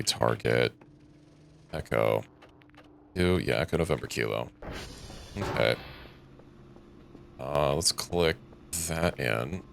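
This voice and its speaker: Deep gravelly man rambling over gameplay. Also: a bit bright, a little hiss or hum. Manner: rambling, thinks aloud with self-corrections. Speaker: streamer. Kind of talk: casual gameplay commentary.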